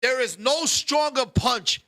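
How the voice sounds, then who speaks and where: A man co-hosting a talk show, telling a comic story in an animated, profane way and acting out scenes with sudden shouts. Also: extremely high pitch, slow pace. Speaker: podcast co-host.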